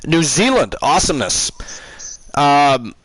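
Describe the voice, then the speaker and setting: A man's voice: on the high side, very animated, unhurried, fairly bright tone, dry recording, low-quality recording. A man hosting a live stream, teasing and rambling through casual banter. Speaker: host.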